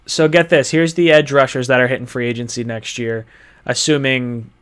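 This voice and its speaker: A man's voice: mid-range voice, fairly even intonation, moderate pace, fairly bright tone, clear, resonant tone. A man hosting a casual sports talk show, chatty, laughing easily and rattling off player names and ages. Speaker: podcast host.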